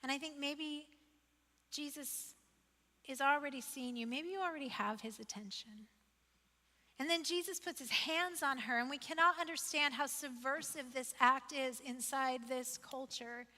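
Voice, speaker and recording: With a high voice that sounds pushed and bright, this female pastor delivers her sermon at a moderate pace. Conversational yet emphatic, she poses questions to the audience and repeats phrases for emphasis, and her words ring out in a large, reverberant hall.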